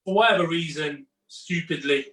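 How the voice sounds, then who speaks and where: A man's voice: a little high, normal speed. A man, a chef, telling an anecdote on a video call, acting out the quotes and laughing through it. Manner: animated, acts out quotes, laughs through the punchline. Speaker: guest chef. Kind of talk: casual storytelling on a video call. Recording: echoey room, far from the mic.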